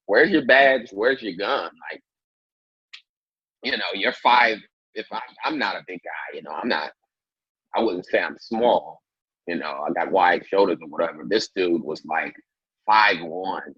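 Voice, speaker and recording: A man's voice: unhurried, long pauses, husky, no echo, muffled recording. A man from Indianapolis, a comedian, telling a story in a casual interview and acting out quoted lines. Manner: animated storyteller, acts out quotes in a much higher voice. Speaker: guest, comedian.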